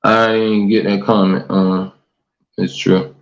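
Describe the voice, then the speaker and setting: A man with a fairly low, vocal-fried voice takes his time, his pitch barely moving. As host of a casual livestream talk show, he reads comments aloud and preaches earnestly to the audience, saying "man" and "y'all" a lot. A livestream mic captures him in an echoey room, and the stream audio is dull and lo-fi.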